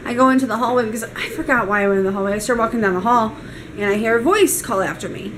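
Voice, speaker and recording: A young woman vlogging, retelling a bad weekend in an animated, exasperated way. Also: on the high side, fast talker, noisy background. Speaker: mom vlogger. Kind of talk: casual storytime vlog.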